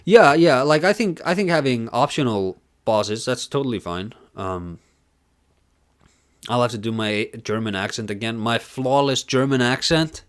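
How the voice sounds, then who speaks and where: A man's voice: mid-range voice, a little slow. Male streamer, casual rambling commentary, filler-heavy, jokey. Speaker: streamer reacting to a conference talk.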